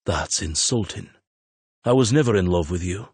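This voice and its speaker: A man voicing an older, silver-haired farmer who is steady and protective, speaking in a quiet, clipped, firm way. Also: low voice, normal speed, breathy edge, dry recording, full character voice.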